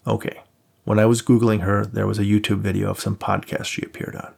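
A man's voice: lowish voice, level tone, a little fast, gravelly, a little mellow. A man voicing a tired, injured man in an audiobook, talking in a dry, sarcastic way. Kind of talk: audiobook character voice.

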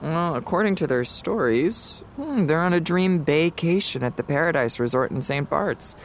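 An actress playing a crude, sarcastic young stoner friend in a comedy audio drama. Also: female voice, sits low, expressive, moderate pace, a little hiss or hum. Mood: sardonic. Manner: sardonic, crude, stoner drawl. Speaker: Tommy, Sarah's friend.

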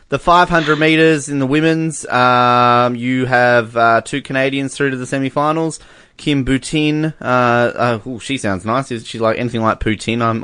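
A man's voice: medium pitch, pushed and bright, clear, resonant tone, dry recording. Jokey Australian man with a close, dry sound. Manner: jokey, laughs often, stumbles over names. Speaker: podcast co-host reading results. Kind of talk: casual chat.

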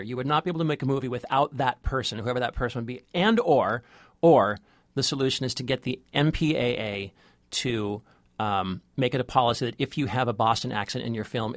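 A man's voice: medium pitch, fairly bright tone, no room sound. Guy reviewing movies, stops and restarts a lot, joking around, dry close sound. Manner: halting, many restarts, wry humor. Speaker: film critic co-host. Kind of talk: casual podcast chat.

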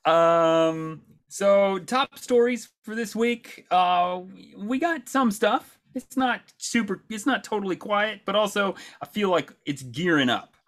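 A man's voice: high voice, animated, slow, few pauses, fairly bright tone. A man in his thirties co-hosting a podcast, telling a story casually with many fillers, restarts and laughs. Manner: chatty, laughs often, lots of fillers and restarts. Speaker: podcast co-host.

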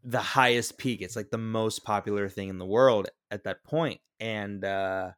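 A man's voice: lowish voice, steady tone, measured pace, fairly bright tone, clear, resonant tone. A young adult man co-hosting a casual movie podcast, teasing his co-host and retelling scenes with jokes. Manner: joking, teasing banter.

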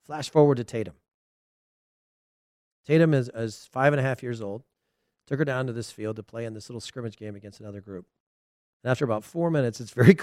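A middle-aged man hosting a podcast on his own, talking in a mid-pitched voice that sits right in the middle of the male range. He rambles through anecdotes and match talk, restarting his sentences as he goes. The recording is dry and close, with almost no room sound. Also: a little mellow, no echo. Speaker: podcast host. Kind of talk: casual solo podcast talk.

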